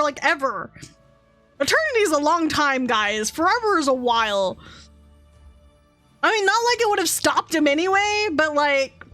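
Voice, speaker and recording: A woman streamer chatting casually with her viewers. She is excitable and giggly and swears freely. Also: high-pitched, measured pace, long pauses, dry recording, soft background music.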